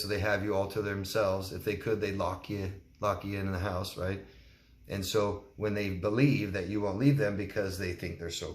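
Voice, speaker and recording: A man's voice: on the low side, reverberant. A man, a relationship coach, answering viewer questions in a candid, plain-spoken way and acting out quotes. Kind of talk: solo Q&A talk to camera.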